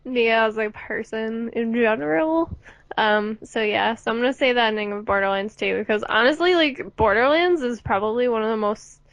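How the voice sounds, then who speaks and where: A woman's voice: fairly high pitch, normal speed, no echo, lo-fi sound. Chatty young woman podcaster, dry sound. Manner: chatty, rambling, laughs between thoughts. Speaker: podcast co-host. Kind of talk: casual gaming podcast chat.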